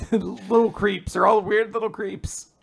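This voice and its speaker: A man's voice: high-pitched, fairly even intonation, takes it slowly, vocal fry, fairly bright tone, breathy edge. A young man co-hosting a manga podcast, chiming in with jokey asides and mock outrage. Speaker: podcast co-host. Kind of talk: casual manga recap chat.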